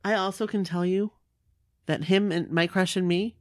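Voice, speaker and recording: A woman's voice: fairly low pitch, steady tone, moderate pace, no room sound, clean studio sound. A woman chatting casually, teasing and laughing often. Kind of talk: casual chat.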